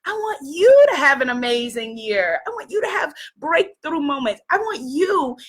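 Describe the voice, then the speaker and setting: A hoarse woman hosting an energetic motivational live stream, greeting viewers by name as she coaches them. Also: high-pitched, normal speed. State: hoarse, strained voice. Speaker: spiritual business coach and live-stream host. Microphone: clip-on microphone.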